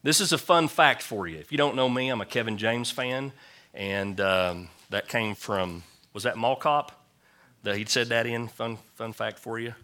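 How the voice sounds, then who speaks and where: Bright-voiced man preaching a sermon. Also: medium pitch, normal speed. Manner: animated storytelling with acted quotes. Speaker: pastor. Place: church service.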